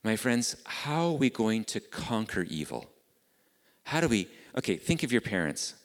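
A man's voice: on the low side, big pitch swings, normal speed, long reverb tail. A middle-aged man, preaching a sermon in an earnest, conversational way, full of rhetorical questions. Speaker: pastor. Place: church.

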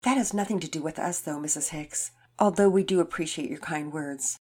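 Woman reader as a gentle, devout storybook mother, earnest and gracious. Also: low-pitched, brisk, breathy edge.

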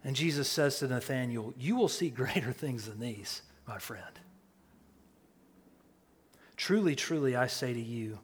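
A male pastor preaching a sermon, swinging from hushed near-whispers to loud proclamation. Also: medium pitch, expressive, a little slow, long pauses, husky, in a large hall.

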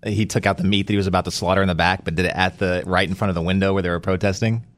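A man's voice: very fast, no room sound, studio quality. A young man co-hosting a talk radio show, telling funny stories with lots of energy. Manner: animated storyteller, jumps into high voices for quotes. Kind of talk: casual talk radio storytelling.

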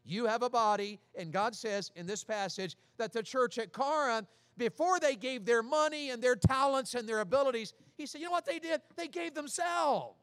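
Delivering his sermon at normal speed with few pauses, the middle-aged pastor from Tennessee uses a high-pitched, folksy voice that's fairly bright and clean. He fires questions at the congregation and repeats phrases, and the sound is close and dry, with little echo.

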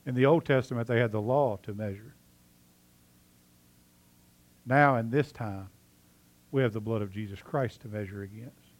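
With a lowish voice and brisk delivery, a preacher recounts a story in his sermon, moving energetically from booming, lively moments to soft, earnest remarks.

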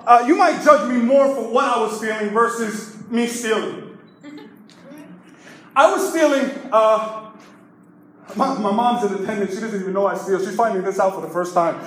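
A man's voice: extremely high pitch, fairly bright tone, a little hiss or hum. A man preaching as pastor, telling funny stories and calling out to the congregation. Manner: playful, jokes and calls out to the congregation. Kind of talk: humorous sermon storytelling. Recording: very echoey hall.

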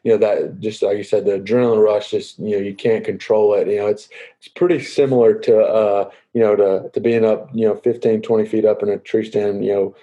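Mellow young man, dull remote audio. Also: lowish voice, fairly even intonation. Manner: halting, lots of fillers and restarts. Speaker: baseball player guest. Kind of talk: casual interview answers.

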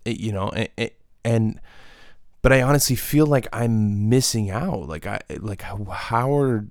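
A man's voice: on the low side, unhurried, a little mellow, no echo, studio quality. A man hosting a solo podcast, ranting in a profane, exasperated way with lots of restarts. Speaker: podcast host. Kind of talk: solo comedic rant.

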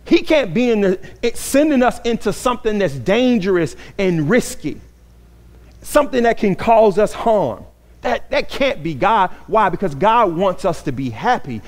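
A man with a high, sing-song voice preaches a sermon as a pastor, taking his time and repeating phrases earnestly for emphasis. He grew up in an inner-city neighborhood.

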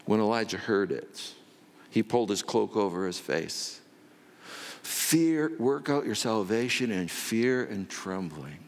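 A man preaching a sermon as pastor, telling the story with drama and dropping from loud to hushed. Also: on the low side, very animated, measured pace, big-room sound.

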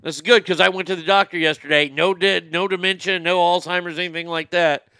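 A man with a gravelly edge on a crisp, smooth voice hosts a loose talk show, ranting bluntly and salting his points with profanity. His tone is bright and tense, a touch higher than most men, and he trips over repeated words as he tells stories, recorded dry and close. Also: fairly even intonation, a little fast, dry recording. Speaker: show host. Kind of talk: casual opinionated talk show.

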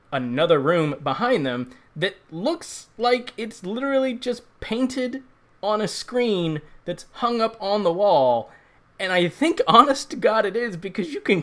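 A man's voice: on the high side, a bit bright. A man from the United States giving sarcastic, profane comedic commentary on a bad movie. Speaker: movie reviewer.

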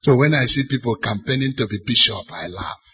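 A middle-aged man with a Nigerian accent preaches to church leaders. His slightly husky voice pushes hard on key words with sudden loud bursts, and he keeps firing rhetorical questions at the congregation. The recording is dull and lo-fi, with muffled highs. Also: brisk. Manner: bursts into loud, forceful stresses. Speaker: bishop.

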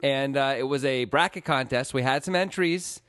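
A man's voice: mid-range voice, moderate pace, a bit bright, no room sound, clean studio sound. A man hosting a casual sports podcast, playful and rambling. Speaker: podcast host.

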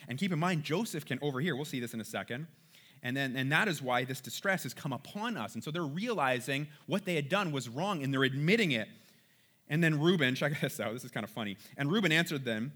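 A man's voice: medium pitch, lively intonation, brisk, a bit bright. A man teaching from the Bible in a conversational way. He reads passages aloud, then comments on them casually and often checks in with his listeners.

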